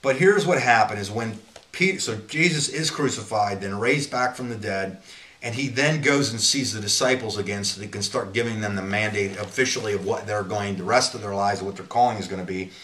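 A man's voice: fairly low pitch, brisk, fairly bright tone, echoey room. A man giving an informal Bible teaching in an earnest, rambling way, often restarting his sentences.

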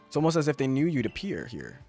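A man's voice: mid-range voice, wildly swooping pitch, fast, dark tone, faint music behind. A man reading the dialogue of a genteel, polite male professor aloud with formal, old-fashioned courtesy.

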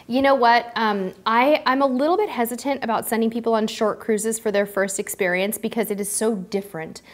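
A woman's voice: on the high side, steady tone, brisk. Chatty woman host reading viewer questions. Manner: warm, chatty, emotional thanks to viewers. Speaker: cruise show host. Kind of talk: live-stream Q&A, casual chat.

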